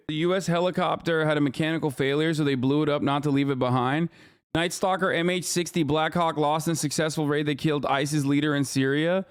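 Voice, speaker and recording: Man, streamer, sarcastic and swearing, smooth resonant voice, fairly high. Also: fairly quick, no room sound, studio quality. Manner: profane, sarcastic, animated rants. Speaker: streamer reacting to news clips. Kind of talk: casual reaction stream commentary.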